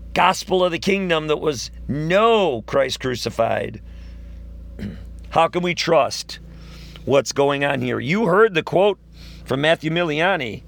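A man's voice: fairly high pitch, creaky, a bit bright. A man giving a combative religious commentary, reading out long quotes and firing back with emphatic accusations. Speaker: online preacher.

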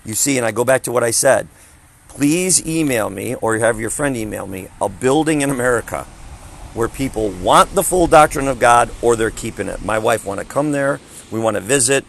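A man's voice: mid-range voice, expressive, normal speed, vocal fry, a bit bright, slight background noise, poor audio. A man in his fifties, a traveling evangelist, preaching emphatically in conversation and repeating his phrases. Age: 50s.

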